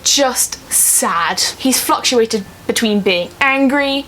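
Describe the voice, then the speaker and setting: A woman's voice: high voice, animated, extremely slow, pushed and bright, a little hiss or hum. A young woman ranting emphatically in a casual vlog, swearing freely and getting emotional. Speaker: vlogger. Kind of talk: casual fan rant.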